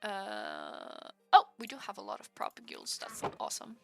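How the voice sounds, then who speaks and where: A young woman streamer chatting casually with her viewers while she plays, giggling often and breaking into excited exclamations. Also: medium pitch, normal speed, gravelly, soft background music.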